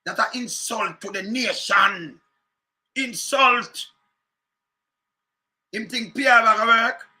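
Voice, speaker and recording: A man's voice: very high voice, slow, long pauses, bright, forceful tone. Fiery Jamaican man ranting about politics. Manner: fiery, repetitive, sarcastic, mixes patois. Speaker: political commentator. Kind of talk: heated political rant.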